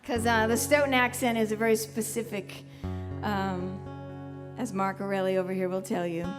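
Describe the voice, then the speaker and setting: A woman's voice: medium pitch, level tone, normal speed, over music. A middle-aged woman from Massachusetts, a singer-songwriter chatting from a concert stage between songs in a rambling, self-mocking way. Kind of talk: onstage banter between songs.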